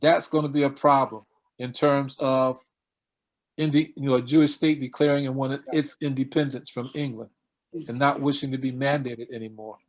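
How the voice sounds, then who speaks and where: A man's voice: medium pitch, fairly even intonation, moderate pace. A middle-aged man giving a seminar lecture, often putting questions to his students and repeating key words, with frequent fillers.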